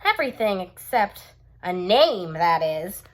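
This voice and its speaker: Woman as a gentle little girl, sweet coaxing voice, slow, lilting. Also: lowish voice, very animated. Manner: sweet, coaxing, a bit brighter. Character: kind gentle little girl with her puppy. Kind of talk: storybook read-aloud.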